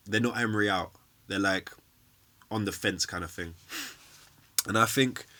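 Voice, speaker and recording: A young man with a lowish voice vents to his viewers about his team. He is blunt and heated, and he swears often in a casual stream-of-thought rant. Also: pushed and bright. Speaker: football fan streamer.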